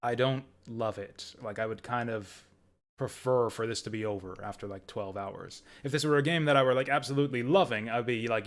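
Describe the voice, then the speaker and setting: A man's voice: mid-range voice, fairly quick. Chatty man streaming a game. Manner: chatty, rambling, laughs often. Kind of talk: casual game commentary.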